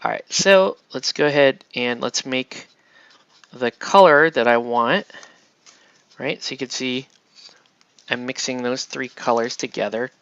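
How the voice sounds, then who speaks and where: A man with a mid-range, fairly bright, clear and resonant voice speaks unhurriedly, pausing often. He hosts a casual miniature painting tutorial, chatting and rambling as he works and often checking in with "right?". The recording sounds dull, lo-fi and dry.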